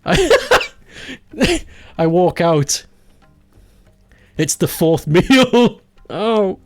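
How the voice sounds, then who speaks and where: A man streams live, chatting and joking, with laughs and curses scattered through his talk. His voice sits fairly high and moves a lot in pitch. Soft music plays under a dry, close sound. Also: very animated, extremely slow, long pauses, no room sound. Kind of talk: casual live stream chat.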